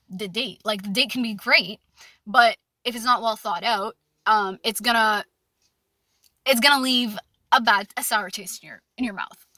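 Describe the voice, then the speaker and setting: Young woman, frank dating talk, lots of fillers, fairly high voice, dry close sound. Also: sharp tone, dry recording. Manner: chatty, frank, anecdote-driven with many fillers. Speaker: dating advice commentator. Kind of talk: casual opinion monologue.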